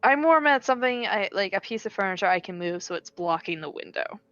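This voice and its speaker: A woman's voice: mid-range voice, expressive, fast talker, a bit bright, dull audio. A woman playing a tabletop game, thinking aloud, often giggling and swearing casually. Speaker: player. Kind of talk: casual tabletop game play over voice chat.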